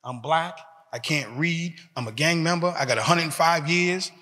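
Speaking to prisoners in a big prison hall, this man delivers a forceful motivational address driven by short, repeated phrases. He talks at a moderate pace in a slightly high voice that sounds pushed and bright, and the hall's long reverb trails behind him.

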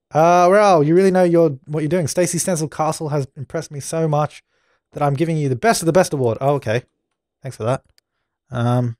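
A man's voice: on the high side, a little mellow, no room sound, studio quality. A young man doing let's play commentary, bossy and exasperated as he scolds the characters on screen. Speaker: gaming channel host.

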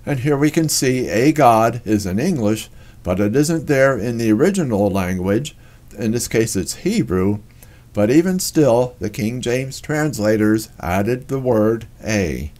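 A man presenting a scripted teaching narration on scripture, slow and deliberate, stressing single words. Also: medium pitch, lively intonation, a little mellow. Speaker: religious history presenter.

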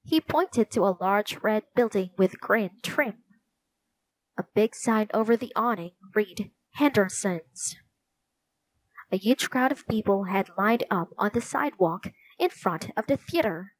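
Slow, clear woman storyteller. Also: mid-range voice, animated, slight background noise. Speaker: storybook reader. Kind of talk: children's book narration.

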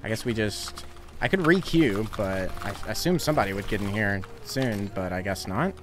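A man's voice: fairly low pitch, animated, moderate pace, over music. A young man casually chatting on a live game stream, laughing often and reading out viewer donations. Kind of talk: casual live-stream chat while gaming.

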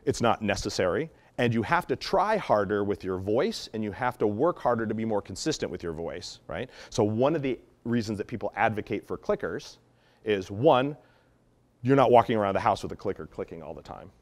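A man explaining dog training methods in an animated teaching talk, acting out example tones of voice as he goes. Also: lowish voice, fairly quick. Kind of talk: instructional talk.

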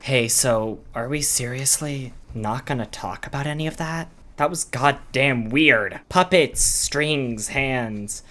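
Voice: medium pitch, slow, few pauses, fairly bright tone. A gamer voicing a blunt, swearing tough young female monster from a video game. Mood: gruff.

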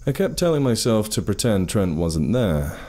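A man narrating a horror story in an expressive, storytelling way. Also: lowish voice, moderate pace.

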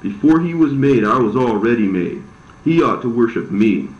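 A man's voice: medium pitch, animated, moderate pace, lightly acted. Man doing the devil, sly fallen angel, bitter and envious, roomy kinda dull audio. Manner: smooth-talking, bitter, aggrieved. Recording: roomy, slightly dull recording.

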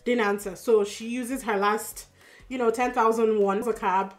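A woman with a Yoruba-accented lilt talks through a drama episode in a loose, chatty recap. She sounds tired but stays expressive, with plenty of fillers and asides along the way. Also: fairly high pitch, a little slow, faint music behind. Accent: Yoruba-accented English. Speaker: drama reaction YouTuber. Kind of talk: casual recap.

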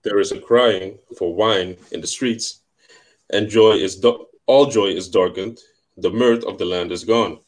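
A man co-hosting a casual live stream, chatting in a relaxed way and reading Bible verses aloud steadily. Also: lowish voice, a little slow. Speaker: co-host reading scripture.

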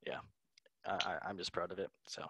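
A man's voice: sits low, a little fast, bright, forceful tone, husky. A young man hosting a casual football chat, playful and laughing often as he runs through match scores. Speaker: podcast host.

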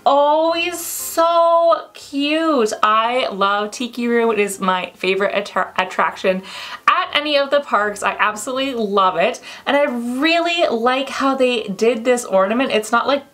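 A woman chatting to viewers while unboxing, gushing and excitable and squealing with delight. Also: on the high side. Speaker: unboxing vlogger. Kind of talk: casual unboxing chat to viewers.

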